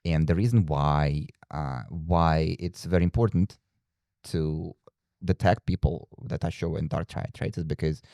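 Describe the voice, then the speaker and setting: A man with an extremely deep voice and a gravelly edge hosts a relaxed podcast conversation. He hesitates and restarts his sentences often. The sound is dry and close. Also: unhurried, dry recording. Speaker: podcast host. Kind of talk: casual chat.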